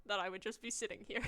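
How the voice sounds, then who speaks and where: A woman playing in a tabletop game, describing her character's actions in an unhurried way. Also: mid-range voice, sharp tone. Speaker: player.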